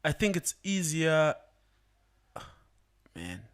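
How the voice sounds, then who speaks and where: A young man, a rapper, calmly explaining his songs in a casual podcast chat, laughing often. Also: fairly high pitch, very slow. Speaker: guest rapper.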